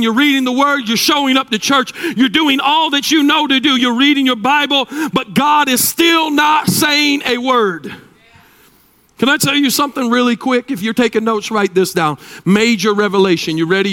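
A man preaching a sermon as pastor, shouting and then dropping to hushed tones in a repetitive preaching cadence. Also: very high voice, moderate pace. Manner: shouting, dramatic swings between loud and hushed.

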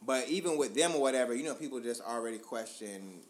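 A man's voice: mid-range voice, lively intonation, quick pace. A man co-hosting a podcast in laid-back, rambling chat, swearing freely. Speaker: podcast co-host. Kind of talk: casual chat.

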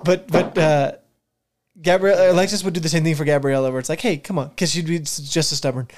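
A man's voice: a little high, steady tone, quick pace, a crowd in the background. A man co-hosting a podcast in casual chat, chiming in with short agreements and brotherly comments. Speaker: podcast co-host.

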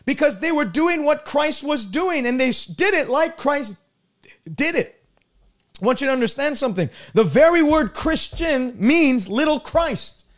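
High-voiced man preaching emphatically. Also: animated. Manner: emphatic, swings between loud high passages and low drawn-out ones. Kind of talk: sermon.

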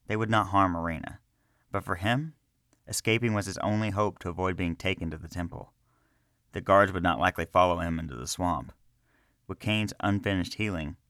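A man narrates a fantasy story in a slow, measured reading. His voice sits very low, and the recording is close and dry, with no room sound. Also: fairly bright tone, dry recording.

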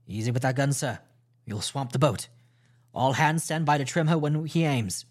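A man's voice: mid-range voice, moderate pace, close to an everyday voice. A man doing a stern, barking ship's captain. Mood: firm.

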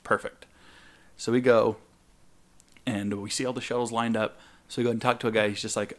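A man's voice: on the low side, brisk, long pauses. A young man co-hosting a podcast, telling a long story casually and acting out the people he quotes with lifts in his voice. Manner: animated, acts out quoted people in raised voices. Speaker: podcast co-host.

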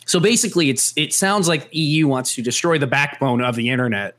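A man chatting casually on a podcast, animated and stumbling over words, laughing easily. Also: medium pitch, a little fast.

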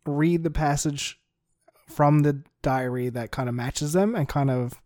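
A man with a Newfoundland accent and a slightly high, darkish voice plays a casual tabletop game, speaking a little slowly. He's hesitant and thinks aloud, captured in clean studio sound with no echo.

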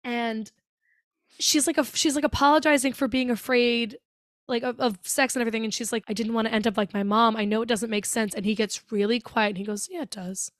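A woman co-hosting a podcast in casual chat, animated and swearing freely as she acts out movie lines. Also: on the high side, brisk, no room sound, clean studio sound. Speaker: podcast co-host.

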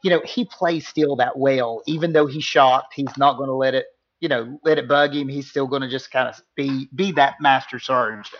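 A mid-pitched man talks movies in an easy, chatty way. He laughs a lot and sometimes searches for a word, and the lo-fi recording takes the shine off his voice. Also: steady tone, moderate pace. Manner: chatty, laughs often, loses words. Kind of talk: casual movie review chat. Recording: dull lo-fi recording.

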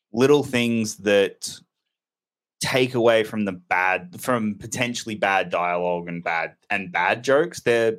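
A man's voice: on the low side, fairly bright tone. A man giving a casual, rambling and candid spoken film review. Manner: rambling, candid, self-correcting.

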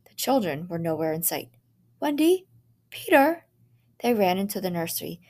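A woman teacher reading a short story aloud in a measured, dramatic way. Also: lowish voice, dark tone.

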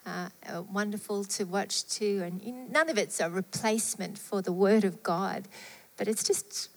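A woman preaching a sermon with fervent delivery, rising to emphatic peaks and falling to hushed, soft phrases. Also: medium pitch, normal speed. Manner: fervent, swelling and dropping to soft tones. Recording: long hall reverb.

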